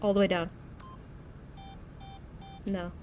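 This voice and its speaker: A young woman streaming a game live, chatting excitably with her viewers. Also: lowish voice, slow pace, slight background noise. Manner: chatty, excitable, talks to chat. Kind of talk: casual live-stream chat.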